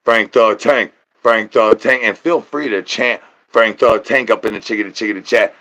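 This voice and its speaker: A man's voice: lowish voice, steady tone, normal speed, bright, forceful tone. A man streaming live, rambling in goofy slang with sing-song nonsense rhymes. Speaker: livestreamer. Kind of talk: rambling livestream chat.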